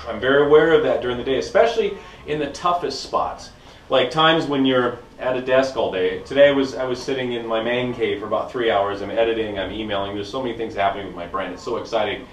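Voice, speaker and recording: A man's voice: mid-range voice, recorded from a distance, a little hiss or hum. Enthusiastic male fitness coach in echoey room. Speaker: fitness instructor. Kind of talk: casual vlog talk to camera. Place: indoor room at home.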